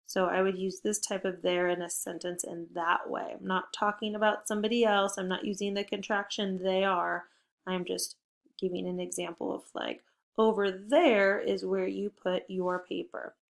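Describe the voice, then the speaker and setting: A woman teaching a spelling lesson to young children, speaking slowly and clearly, upbeat and encouraging. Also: fairly low pitch, little pitch movement. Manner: slow, deliberate word-by-word modeling.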